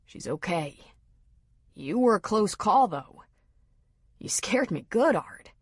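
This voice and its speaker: A woman voicing a calm man who gently reassures a frightened friend. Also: sits high, slow, husky, dry recording, clean studio sound, exaggerated voice. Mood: soothing. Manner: soothing, gentle.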